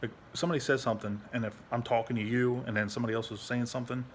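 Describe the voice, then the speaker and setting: Young guy venting into his phone at home, mid pitch, cursing, stumbling over his words, slight background hiss. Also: level tone. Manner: frustrated, rambling, heavy swearing; halting, restarts often. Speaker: veteran vlogger. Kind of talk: candid personal vlog.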